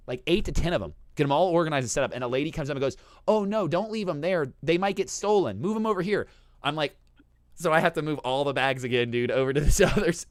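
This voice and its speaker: A man hosting a casual chat, telling a long story in an animated, profane way and saying "dude" constantly. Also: fairly high pitch, dry recording, studio quality. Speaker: host.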